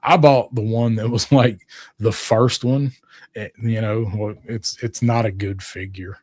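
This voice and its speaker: Low-voiced man rambling about toys. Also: fairly even intonation, a little slow, darkish tone, dry recording. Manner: rambling, many restarts and fillers. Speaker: co-host. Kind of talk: casual toy chat.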